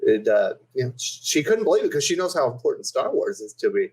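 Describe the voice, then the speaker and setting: A man's voice: mid-range voice, sing-song, fast, a little mellow, husky, poor audio. A man co-hosting a podcast, telling an exasperated story in casual chat. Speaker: podcast co-host.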